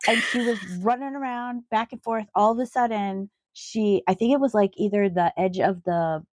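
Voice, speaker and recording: A woman's voice: medium pitch, normal speed, darkish tone, a little hiss or hum. A woman co-hosting a casual podcast, chatty and storytelling, laughing easily and swearing now and then. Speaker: podcast co-host. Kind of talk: casual chat.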